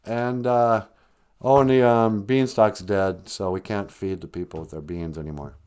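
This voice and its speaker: A man's voice: on the low side, fairly even intonation, normal speed, a little mellow, smooth, natural voice. A man playing Jack as a brash, greedy young man who talks in casual slang. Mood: boastful.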